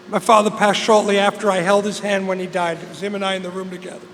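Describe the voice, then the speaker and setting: A man's voice: high-pitched, level tone, fast, hardly any pauses, a bit bright. A middle-aged man, earnestly sharing his personal story as a speaker at a recovery meeting in a large hall. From England. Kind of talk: personal testimony talk. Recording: long hall reverb, faint noise.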